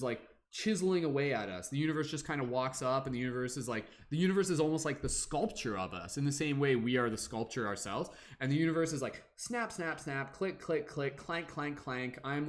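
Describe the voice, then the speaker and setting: A man's voice: mid-range voice, fast, hardly any pauses. Rambling man giving a spiritual talk. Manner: rambling, full of fillers, acts out voices. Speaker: spiritual tarot reader. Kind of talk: casual livestream talk.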